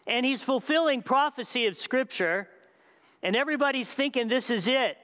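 Guy preaching in a big echoey church, kinda high voice, lively, keeps asking the crowd stuff. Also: normal speed. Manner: animated, asks the crowd questions, acts out scenes. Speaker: pastor. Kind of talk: sermon. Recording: long hall reverb.

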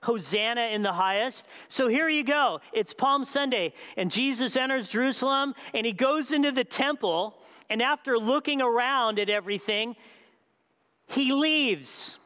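A man delivers a sermon with a fairly high voice, his words ringing through the long reverb of a large hall. He is animated, asks the crowd questions and acts out the scenes he describes. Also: measured pace. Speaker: pastor.

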